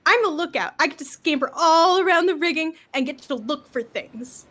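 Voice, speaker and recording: A woman puts on a chirpy little boy who serves as a ship's lookout in a tabletop game. He sounds eager and keen, with a voice pitched up high. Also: expressive, moderate pace, fairly bright tone. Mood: excited.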